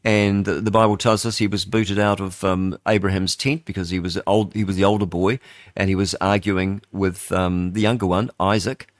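In clean studio sound with no room echo, this older New Zealander talks at normal speed in a low, flat voice. He's a radio host giving a chatty, meandering monologue, stumbling through fillers and restarting sentences.

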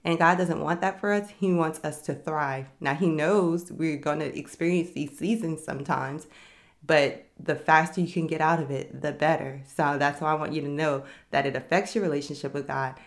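A woman's voice: low-pitched, fairly even intonation, normal speed. A young adult woman hosting a faith-based podcast, speaking candidly and reflectively about her own experience. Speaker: podcast host. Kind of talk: faith-based personal talk.

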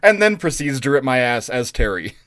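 A man co-hosting a podcast, chatting casually and telling stories in an animated, swearing way. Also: medium pitch, brisk. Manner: animated, profane storytelling with restarts. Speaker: podcast co-host. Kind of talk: casual chat.

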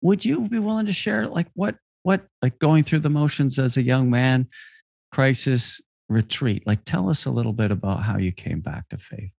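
A man hosting an interview, encouraging his guest with quick affirmations. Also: mid-range voice, expressive, creaky, a little mellow, dry recording. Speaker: podcast host. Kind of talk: interview conversation.

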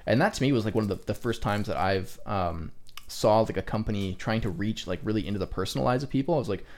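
Casual lower-voiced male podcast host. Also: quick pace, a little mellow. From Canada. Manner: rambling, filler-heavy, swears casually. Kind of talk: casual chat.

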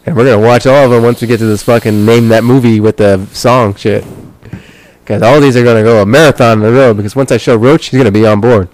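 A man's voice: medium pitch, steady tone, fast talker, a little mellow. A man co-hosting a podcast in casual chat, rambling and joking with frequent swearing. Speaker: podcast co-host.

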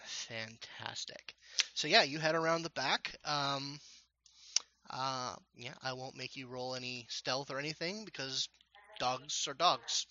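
A man narrating a tabletop game as game master, rambling and halting with many fillers. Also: medium pitch, sharp tone, highs cut off, a little hiss or hum.

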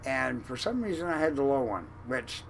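A man telling a long story in an interview about his time as a fishing boat cook, animated and acting out the lines of others. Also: mid-range voice, moderate pace, gravelly, slight background noise, rough recording. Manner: animated, acts out quoted lines loudly.

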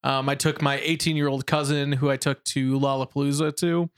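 A young man chats casually on a show, telling animated stories about his weekend and acting out his friends' voices. His voice is medium in pitch, smooth, and brisk.

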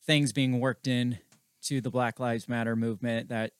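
A man's voice: medium pitch, flat delivery, moderate pace, clean tone, no echo. A man co-hosting a podcast in casual chat, talking with a wry, sarcastic edge. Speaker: podcast co-host.

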